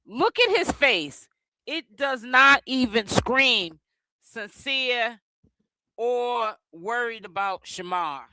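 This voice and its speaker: A woman's voice: on the high side, expressive, slow pace, bright, forceful tone, no echo, low-quality recording. A woman hosting a gossip livestream who gives her opinions and talks straight to the chat. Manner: opinionated, addressing the chat directly.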